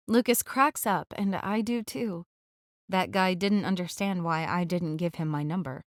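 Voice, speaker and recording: Woman, audiobook narrator, first-person romance, gentle intimate reading, mid pitch, dry studio sound. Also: measured pace, no room sound.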